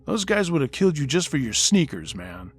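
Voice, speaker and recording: A man's voice: fairly high pitch, sing-song, brisk, breathy edge, soft background music. A man voicing a brash young driver who talks in blunt street slang. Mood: incredulous. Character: brash young male getaway driver, armed.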